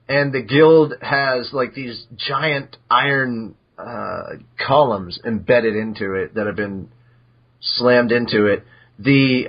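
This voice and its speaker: A man hosting a podcast, casually recapping episodes in an animated way, now and then jumping into high squeaky voices for characters. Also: breathy edge. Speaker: podcast host. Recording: dull lo-fi podcast audio.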